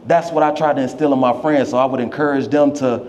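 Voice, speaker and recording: A man's voice: medium pitch, steady tone, fast, darkish tone, a little hiss or hum. A young man giving a memorial speech for his father, telling stories in casual slang. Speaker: memorial speaker. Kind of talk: eulogy speech.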